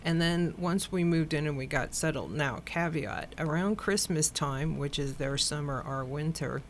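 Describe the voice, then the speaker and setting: A guest from Hawaii with a gravelly, creaky voice, spinning loose anecdotes full of ums and uhs. The talk is relaxed and conversational, with stories told at an easy, meandering pace. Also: mid-range voice, moderate pace, a little hiss or hum. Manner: rambling anecdotes with fillers. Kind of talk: casual storytelling chat.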